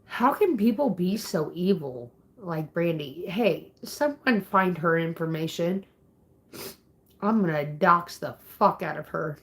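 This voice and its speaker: A woman's voice: on the low side, expressive, takes it slowly. Angry swearing woman streamer. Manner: agitated, swearing, threatening viewers. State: upset. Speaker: livestreamer. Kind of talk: angry livestream rant.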